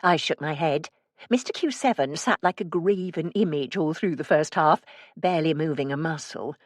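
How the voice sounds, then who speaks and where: A woman narrating a first-person cozy mystery audiobook in a measured storytelling manner. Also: sits low, dry recording, clean studio sound.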